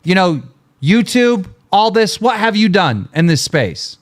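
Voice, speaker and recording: A man's voice: high-pitched, big pitch swings, measured pace. A middle-aged man hosting a livestream, ranting in an angry, mocking, profane way. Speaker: livestream host.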